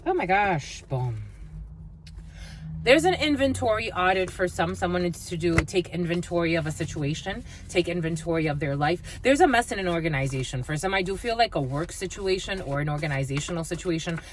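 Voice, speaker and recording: A woman's voice: on the low side, animated, moderate pace, noisy background. A woman giving a blunt, profane tarot reading to her viewers, scolding and swearing freely. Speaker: tarot reader. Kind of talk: spiritual reading monologue.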